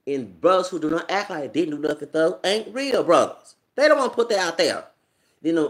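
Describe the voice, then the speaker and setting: A man's voice: high-pitched, gravelly. Rambling, profane man ranting on camera. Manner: rambling, profane, repetitive, with many fillers. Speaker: YouTube commentator. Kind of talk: ranting commentary vlog.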